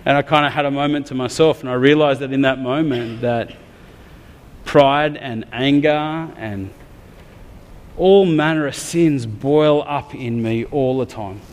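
Aussie bloke giving a sermon, chatty storytelling w a bit of humor, long echoey hall sound. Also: male voice, mid-range voice, measured pace. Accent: Australian. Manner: conversational, candid storytelling with humor. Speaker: preacher. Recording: long reverb of a large hall.

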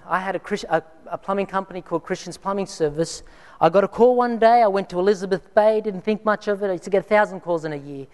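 A man preaching a sermon and telling personal stories, dramatic, sometimes dropping to near whispers for emphasis. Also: high voice. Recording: reverberant hall.

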